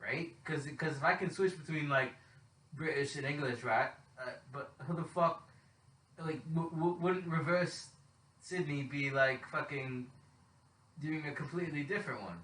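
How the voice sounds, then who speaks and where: A young man from Canada co-hosting a casual podcast, loud and swearing, often breaking into laughter and cutting in. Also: fairly high pitch, unhurried, distant mic. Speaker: podcast co-host. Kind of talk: casual chat. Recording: roomy echo, away from the mic.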